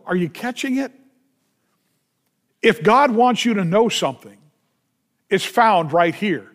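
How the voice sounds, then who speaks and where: A man's voice: high-pitched, expressive, slow pace, a bit bright. A male pastor preaching a sermon, with emphatic delivery, repeated refrains and rhetorical questions.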